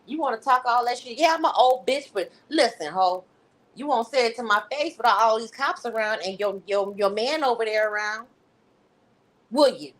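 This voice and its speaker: A woman doing an outraged older woman, swearing and threatening with her voice pushed up high. It is loud, profane and confrontational, a put-on rant. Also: moderate pace, close to an everyday voice. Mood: furious. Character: furious older woman cussing out a rival.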